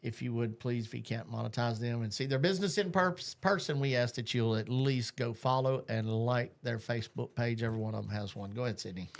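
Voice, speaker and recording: A man's voice: mid-range voice, brisk, creaky, few pauses. A man hosting a live talk show, chatting loosely, joking and reading out viewer comments. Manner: rambling, jokey, reads out viewer comments. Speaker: host. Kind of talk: casual live show chat.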